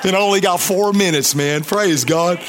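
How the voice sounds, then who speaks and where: Fervent preacher, slightly high voice. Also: male voice, normal speed, a little hiss or hum. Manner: fervent, call-and-response, rising and falling emphasis. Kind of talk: sermon.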